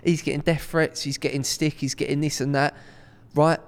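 Animated man, clear voice. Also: fairly high pitch, normal speed. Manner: animated, restarts sentences, slangy. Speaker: podcast co-host. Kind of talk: casual banter podcast. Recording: reverberant room.

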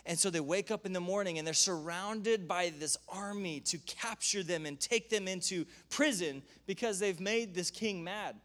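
A male preacher giving a sermon, telling stories in an animated way with frequent laughter. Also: high-pitched, moderate pace, few pauses. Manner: animated storytelling, laughs often.

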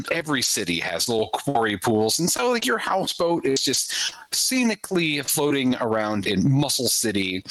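A man leads a tabletop game as game master, unhurried and easygoing as he paints the scene. His pitch rises and falls freely, and he leans on casual fillers. The sound is dry and close. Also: no echo, low-quality recording. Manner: relaxed, chatty scene-setting with frequent fillers.

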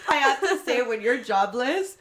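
A woman's voice: on the high side, very animated, moderate pace, a bit bright. A woman co-hosting a podcast in upbeat, teasing casual chat. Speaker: podcast co-host.

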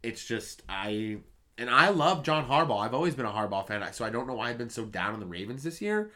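A man co-hosting a casual sports podcast, reeling off stats in quick bursts. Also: fairly low pitch, expressive, a bit bright. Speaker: podcast co-host.

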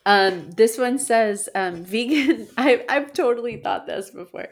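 A woman's voice: a little high, measured pace, hardly any pauses. A woman co-hosting a casual podcast, reading listener posts aloud and chatting with lots of laughs and "like"s. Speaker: podcast co-host.

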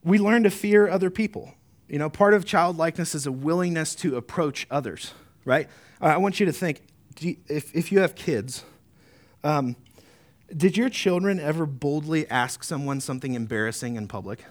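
A man preaching a sermon as pastor, earnest, often adding tag questions, slowing down to read deliberately. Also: fairly high pitch. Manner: earnest, rising to emphatic peaks, slowing to deliberate reading.

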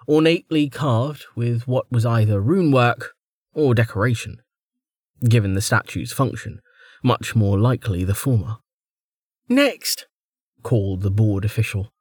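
A man narrating a fantasy audiobook in steady, measured scripted narration. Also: medium pitch, dry recording, clean studio sound.

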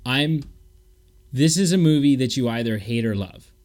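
A man co-hosting a casual film podcast, animated and rambling with many restarts. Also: mid-range voice, normal speed. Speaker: podcast co-host.

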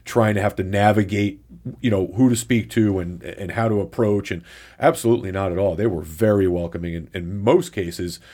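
A man's voice: on the low side, fairly quick, a little mellow. A man co-hosting a casual podcast, rambling along and often repeating words as he talks. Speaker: podcast co-host.

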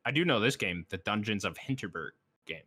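Lively bright podcast host. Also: male voice, lowish voice, fairly quick, slightly rough. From United States. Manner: laughs easily, runs the episode list. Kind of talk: casual chat.

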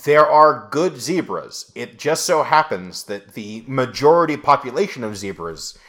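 Man, podcast co-host, halting, filler-heavy, dry sarcasm, mid-pitched voice. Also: sing-song, a bit bright. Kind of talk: casual chat.

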